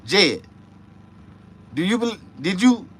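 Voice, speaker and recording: A man hosting a casual livestream chat, rambling and profane, dropping to low mutters and jumping to high excited outbursts. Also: slow, slight background noise. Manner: profane, rambling street talk. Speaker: livestream host.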